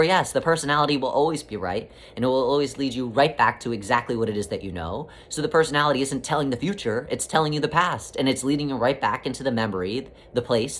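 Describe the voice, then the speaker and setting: Man giving a flowing spiritual talk. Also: mid-range voice. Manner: flowing, repetitive, gently teasing. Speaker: spiritual teacher. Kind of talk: spiritual talk, speaking as a collective "we".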